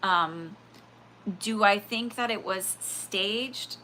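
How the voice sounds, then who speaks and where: A woman's voice: medium pitch, extremely slow, slight background noise. A woman hosting a spiritual reading livestream, rambling in a casual way with lots of fillers and quoted asides. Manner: rambling, animated, full of fillers and acted-out quotes.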